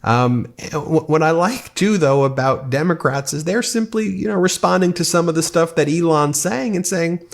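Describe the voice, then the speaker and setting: A man's voice: on the high side, moderate pace, vocal fry, few pauses. A man giving casual political commentary, talking straight to viewers and reading quotes aloud. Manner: conversational, reads quotes aloud with some emphasis.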